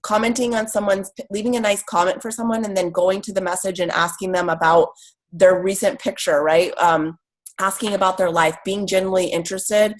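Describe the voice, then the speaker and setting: Brief: woman team leader, lower pitch, earnest and direct, casual. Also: low-quality recording. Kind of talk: casual advice.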